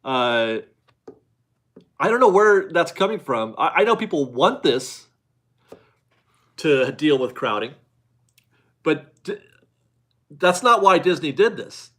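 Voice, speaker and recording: A man with a slightly high voice hosts a casual live stream and chats with viewers. He rambles, restarts his sentences and laughs easily. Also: sing-song, slow, pauses often, a bit bright. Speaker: livestream host reading viewer chat.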